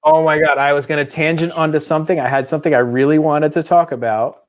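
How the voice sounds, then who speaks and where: A man's voice: a little high, steady tone, quick pace. A man co-hosting a podcast, talking in a rambling, tangent-prone way. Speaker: podcast co-host. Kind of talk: casual chat.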